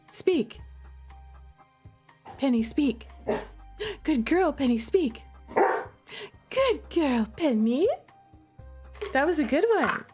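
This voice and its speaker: A woman streamer in casual chat at home, playful and giggly as she chats with her pets and coaxes them. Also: fairly high pitch. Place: room at home.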